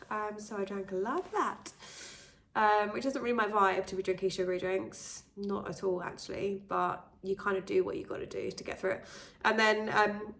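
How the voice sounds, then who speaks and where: British woman chatting to camera, bunged up with a cold, rambly and open, mid-pitched voice. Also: fairly even intonation, moderate pace, a bit bright. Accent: British English. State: congested with a cold. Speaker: vlogger and fitness instructor. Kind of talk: casual pregnancy update vlog.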